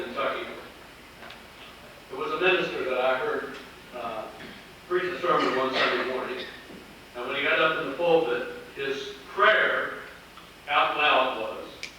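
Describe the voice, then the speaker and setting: A man's voice: medium pitch, unhurried, long pauses, bright, forceful tone, slight background noise. A middle-aged man giving a motivational speech at a company meeting, a folksy storyteller who mixes jokes with earnest encouragement. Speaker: sales executive speaking at a company meeting. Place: large meeting hall. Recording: echoey hall, heard from a distance.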